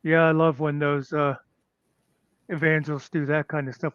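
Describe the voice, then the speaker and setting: A man's voice: a little high, little pitch movement, moderate pace, fairly bright tone, clean tone, no echo. A man co-hosting a casual chat, rambling with fillers and chuckling often. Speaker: podcast co-host. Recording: slightly muffled dry audio.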